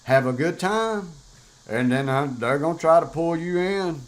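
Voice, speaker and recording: An older man with a drawl tells his stories in a rambling, casual monologue. His voice sits slightly high for a man. He talks bluntly and peppers everything with profanity. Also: expressive, a little slow, rough recording. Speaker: podcast host.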